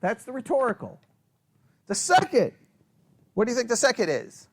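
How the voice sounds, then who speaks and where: A man's voice: very high voice, wildly swooping pitch, moderate pace. A man teaching a conversational Bible study who asks his class questions and acts out quoted lines.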